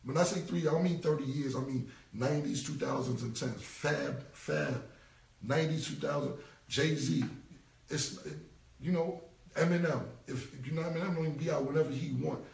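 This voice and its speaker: A creaky, darkish voice on the high side belongs to a rapper in his forties ranting on a phone livestream at a moderate pace. The talk is casual and rambling, emphatic, profane, and repetitive. With the phone held away, he sounds distant in a roomy echo, plus a little hiss or hum.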